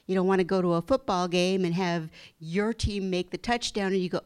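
A woman giving a gentle, earnest inspirational talk, dropping into soft whispers for emphasis. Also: medium pitch, level tone, a little fast, hardly any pauses, clear, resonant tone. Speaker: spiritual speaker.

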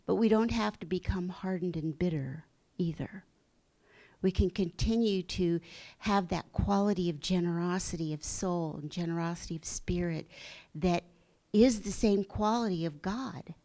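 Speaking gently and reflectively, this middle-aged spiritual teacher has a fairly low voice that sometimes drops into a breathy whisper. Her pace turns slow in places as she shares her thoughts.

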